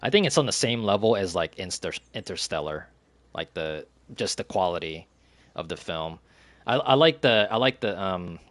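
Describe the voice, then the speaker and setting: A man's voice: sits low, a bit bright, no room sound. A young man streaming a game and chatting casually, rambling with lots of fillers, restarts and giggles.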